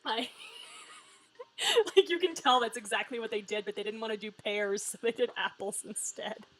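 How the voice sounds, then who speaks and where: A woman's voice: a little high, moderate pace, fairly bright tone, low-quality recording. A woman live-streaming a story game, giving wry, joking commentary and swearing freely. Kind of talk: casual live-stream commentary, reading game lines aloud.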